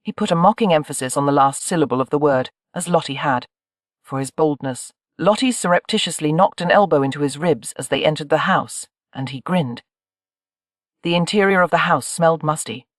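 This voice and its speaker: Measured audiobook narrator, dry sound. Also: mid-range voice, no echo. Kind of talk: scripted narration.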